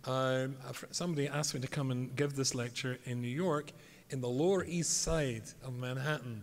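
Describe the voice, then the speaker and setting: A man's voice: mid-range voice, fairly even intonation, normal speed. A man, a rabbi giving a humorous storytelling lecture, wry and self-mocking. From England. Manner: wry, self-mocking, tells jokes and does voices. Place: convention hall. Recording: reverberant hall, faint background noise.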